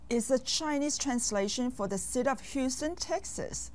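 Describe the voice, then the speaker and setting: A woman teaching children in a scripted lesson, her voice on the high side. She moves through a lively range and speaks slowly, spelling out each sound with care. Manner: slow, carefully enunciated, with quizzing pauses. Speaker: language teacher. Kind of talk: scripted language lesson for kids.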